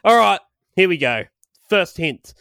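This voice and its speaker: A man's voice: sits high, very animated, measured pace, vocal fry, pushed and bright, dry recording. A man hosting a crude comedy game show, brash and sweary, laughing often.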